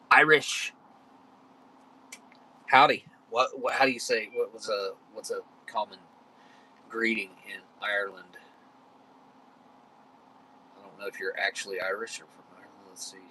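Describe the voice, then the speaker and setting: A man's voice: bright, forceful tone, husky, rough recording. Rambling man hosting a live stream. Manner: rambling, talks to his cat in a high coaxing voice. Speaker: livestream host. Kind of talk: casual live chat.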